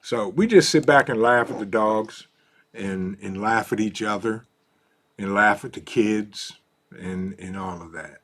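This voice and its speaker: A man's voice: fairly low pitch, a little slow. A man hosts a casual live stream, reading out viewer comments, laughing easily and coaxing his dog. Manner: easygoing, laughs often, talks softly to his dog.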